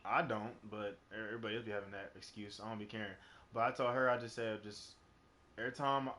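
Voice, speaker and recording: A man's voice: fairly low pitch, steady tone, quick pace, sharp tone, a little hiss or hum. A young man streaming live, telling a personal story in a rambling, casual way full of fillers and swearing. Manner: rambling, heavy on fillers and profanity.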